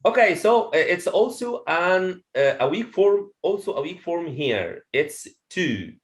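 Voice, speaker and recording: A man's voice: high-pitched, sing-song, a little slow. A man teaching a pronunciation lesson to a classroom of students, repeating phrases and checking understanding with "okay?". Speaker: English teacher.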